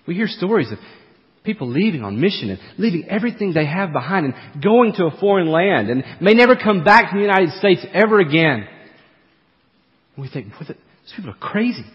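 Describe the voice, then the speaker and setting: A man preaching a sermon as pastor, swinging from emphatic, forceful peaks to quiet, low asides. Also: sing-song, brisk, in a large hall, muffled recording.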